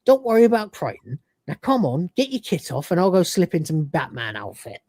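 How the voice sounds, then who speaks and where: A woman's voice: on the low side, very animated, brisk, mellow. A woman voicing a laid-back young male slob who drawls easily. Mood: coaxing. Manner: drawling, easygoing, says man a lot.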